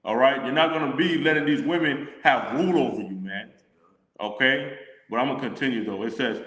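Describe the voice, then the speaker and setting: A man leading a casual religious discussion, reading scripture slowly and deliberately. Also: mid-range voice, fairly bright tone. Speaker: scripture teacher. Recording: echoey room with long reverb.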